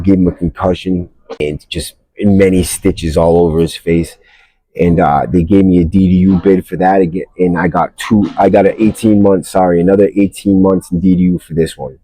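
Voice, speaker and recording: A man's voice: sits low, warm tone, dry recording, low-quality recording. A man hosting a podcast, telling a story casually in blunt street slang and calling the listener bro. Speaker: podcast host.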